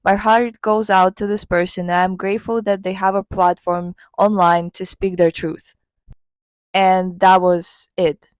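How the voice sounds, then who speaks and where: A woman's voice: fairly low pitch, little pitch movement, measured pace, dry recording. A woman hosting a commentary channel, explaining in a conversational, questioning way. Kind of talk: casual commentary.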